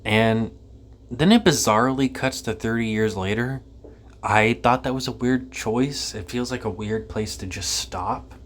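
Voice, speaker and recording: A man's voice: mid-range voice, measured pace, a little hiss or hum. Rambling casual male movie reviewer. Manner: rambling, offhand, swears casually, many ums. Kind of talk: casual spoken film review.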